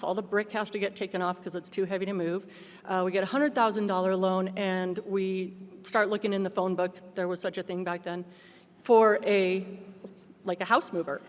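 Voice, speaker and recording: A middle-aged woman giving a personal testimony speech as a guest speaker, telling her story in a lively way and acting out what others said. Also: medium pitch, normal speed. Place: large banquet hall. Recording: long hall reverb.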